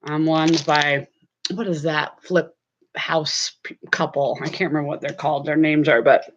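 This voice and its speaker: A woman's voice: low-pitched, steady tone, moderate pace, muffled recording. A woman hosting a casual live stream from her home desk, chatting straight to her viewers.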